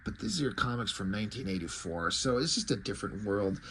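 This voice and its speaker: A man's voice: fairly low pitch, very animated, brisk, fairly bright tone, slight background noise. A man reviewing comics in a casual, wry way, with fillers and mild swearing. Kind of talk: casual chat.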